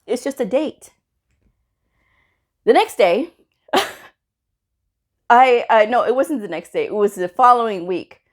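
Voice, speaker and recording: A woman vlogger telling a workplace story and giving career advice in a chatty, animated way. She keeps checking in with her viewers as she talks. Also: takes it slowly, pauses often. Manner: chatty storyteller, often checks in with "okay?" and "you know what I mean?"; animated, jumps high in pitch when retelling. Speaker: medical coding vlogger. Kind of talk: casual advice vlog.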